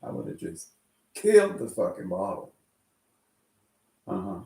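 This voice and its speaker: A man's voice: low voice, huge pitch swings, a little slow, gravelly, dark tone. Rambling, profane man with a West Texas twang. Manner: profane, chuckling storyteller. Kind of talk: casual rambling chat. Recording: roomy echo.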